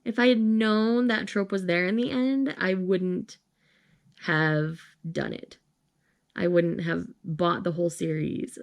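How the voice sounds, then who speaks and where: A woman's voice: fairly low pitch, fairly even intonation, takes it slowly. A woman reviewing manga in a casual reaction vlog, chatty and rambling, venting her frustration with groans and sighs.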